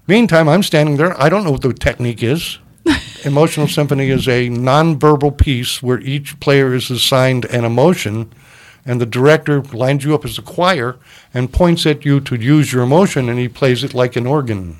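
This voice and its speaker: An older man tells a comedy club story in casual conversation. He keeps shifting into the voices of the people he quotes, animated and theatrical. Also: medium pitch, normal speed. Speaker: guest comic telling a story.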